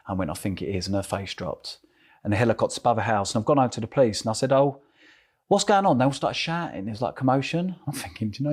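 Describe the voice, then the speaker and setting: Speaking in a lowish, slightly mellow and slightly rough voice, a middle-aged Essex man from England tells his story in an interview. He's animated and acts out the voices of others.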